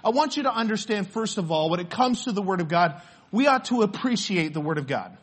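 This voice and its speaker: A man's voice: sits high, sing-song, brisk, husky. A man preaching a sermon in church, earnest and storytelling, often restarting his words. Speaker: pastor.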